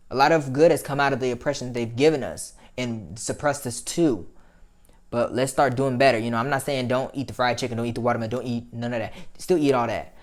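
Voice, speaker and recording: A man hosting a commentary show, talking frankly to his viewers, swearing freely and growing heated and emphatic as he makes his points. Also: mid-range voice. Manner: frank, profane, addresses viewers as y'all. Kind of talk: casual opinion commentary.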